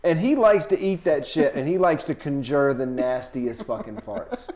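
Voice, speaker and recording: A man with a slightly high-pitched voice spins a comic story as a podcast guest. He is profane and animated. He drops into low, muttered asides, then climbs into loud, indignant peaks. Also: normal speed. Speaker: touring comedian guest.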